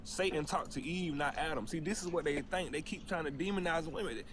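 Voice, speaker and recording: A man's voice: a little high, a little fast, noisy background. A man making searching points with fillers in a casual livestream debate. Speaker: debate panelist.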